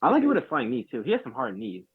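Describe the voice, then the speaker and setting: A man joining a casual betting chat, talking fast with lots of restarts. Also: mid-range voice, wildly swooping pitch, husky. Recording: tinny phone-like line.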